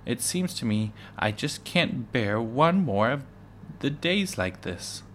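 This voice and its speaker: A man's voice: medium pitch, sing-song, takes it slowly, a bit bright. Man putting on weary pioneer mother, raised strained voice, storybook read-aloud, faint background hiss. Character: weary pioneer mother, woman, worn thin.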